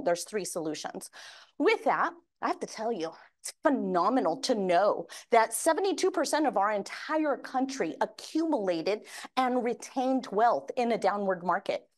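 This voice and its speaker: A woman giving a lively conference keynote, speaking energetically to the room and getting the audience to raise their hands. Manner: acts out quoted voices with big pitch swings.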